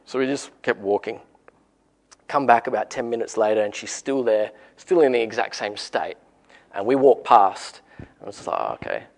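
A man with an Australian accent preaching a relaxed, encouraging sermon and telling a story in a conversational way. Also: mid-range voice, moderate pace.

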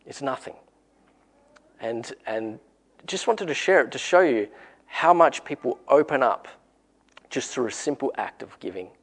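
A man with an Australian accent preaching a relaxed, encouraging sermon and telling a story in a conversational way. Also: medium pitch, unhurried, pauses often, breathy edge.

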